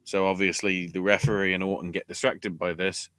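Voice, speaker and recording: Guy on a podcast, lowish voice but bright and forceful, snarky rambling recap. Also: flat delivery, fairly quick, no room sound. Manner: rambling, sarcastic play-by-play with swearing. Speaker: podcast host. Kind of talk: casual recap chat.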